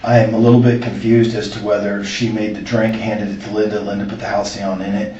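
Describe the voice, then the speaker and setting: A man being interviewed, giving an earnest, halting account of a conversation he recorded. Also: on the low side, little pitch movement, dark tone, a little hiss or hum. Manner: earnest, halting retelling with restarts. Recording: echoey room, far from the mic, muffled.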